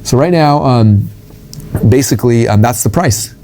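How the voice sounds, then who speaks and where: A middle-aged man telling a story to an audience and teaching sales presentations, rapid and full of fillers, acting out the dialogue he quotes. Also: medium pitch, expressive, mellow, a little hiss or hum.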